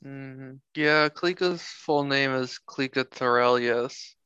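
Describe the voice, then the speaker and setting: A man's voice: mid-range voice, slow, sharp tone, smooth, no room sound, dull audio. A man playing in a tabletop game, chatting in an easygoing way. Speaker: player. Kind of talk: casual chat.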